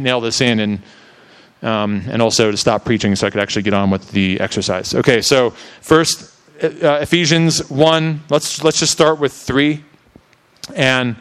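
Smooth-voiced earnest man preaching. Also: mid-range voice, fairly bright tone. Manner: earnest, reflective, halting with frequent restarts. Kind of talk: devotional Bible teaching with spoken prayer.

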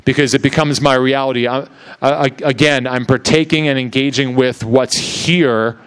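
A middle-aged man giving an earnest devotional Bible teaching and praying aloud, reflective and halting, often restarting his words. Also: mid-range voice, steady tone, fairly bright tone, clean tone. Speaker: preacher.

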